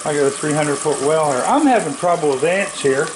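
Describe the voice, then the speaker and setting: An older man, chatting casually outdoors at his house, plainspoken, coaxing the animals gently as he talks. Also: fairly high pitch, animated, brisk, noisy background. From Nova Scotia, Canada. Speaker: wildlife vlogger. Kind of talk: casual talk while feeding raccoons.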